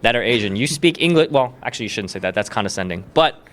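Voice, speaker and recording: A man's voice: mid-range voice, animated, quick pace, fairly bright tone. A young American man interviewing a guest in a casual chat, asking blunt questions. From United States.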